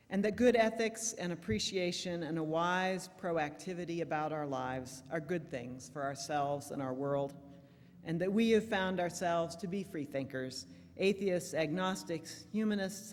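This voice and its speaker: Woman minister preaching in a reverberant church. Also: sits low. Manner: warm storytelling, lively shifts in loudness. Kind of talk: sermon with jokes. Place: church sanctuary.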